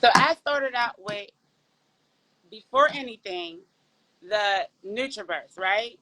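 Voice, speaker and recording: A woman's voice: mid-range voice, slow pace, rough recording. A woman from Pittsburgh with a Pittsburgh accent, a podcast guest chatting casually and animatedly about her experience, talking straight to the listeners. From Pittsburgh, Pennsylvania. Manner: animated, talks to the audience as y'all, folksy. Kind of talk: casual testimonial chat.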